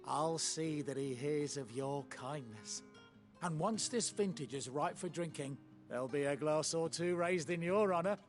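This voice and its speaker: Game character: a courteous vineyard keeper, fairly high voice, game music under it. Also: male voice, lively intonation, measured pace. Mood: grateful. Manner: earnest, courteous. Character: grateful male vineyard keeper, earnest. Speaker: vineyard worker thanking the hero.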